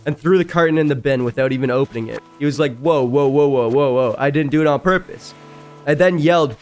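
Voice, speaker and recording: A man streaming a game, reading stories aloud and breaking in with loud, jumpy reactions. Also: quick pace, soft background music. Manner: reacts loudly, jumps high in pitch. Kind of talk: casual reading and commentary while gaming.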